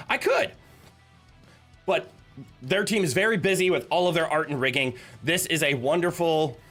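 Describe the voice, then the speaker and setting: A male streamer who jokes with his chat, giggling and openly nervous. His voice sits fairly high and swings widely in pitch, with a bright, sharp edge to it. Faint music plays behind him. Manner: chatty, joking, talks to chat. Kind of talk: casual live-stream chat.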